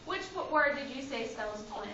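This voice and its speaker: High-voiced woman teacher, roomy classroom. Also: animated, moderate pace, background noise. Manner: sing-song, calls students by name, gives firm directions. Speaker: kindergarten teacher. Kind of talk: classroom phonics lesson. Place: classroom with children on a rug. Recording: roomy, distant, dull classroom camera recording. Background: children's voices.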